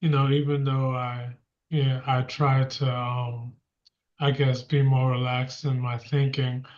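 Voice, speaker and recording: A man's voice: medium pitch, little pitch movement, takes it slowly, darkish tone. A man on a video call who sounds anxious and hesitant. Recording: dull lo-fi call audio.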